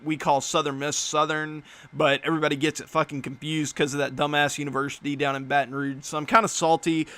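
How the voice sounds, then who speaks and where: A young man giving casual gaming commentary as a YouTuber, blunt and profane, quick to break into a rant. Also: a little high, a bit bright. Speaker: gaming YouTuber reviewing player cards.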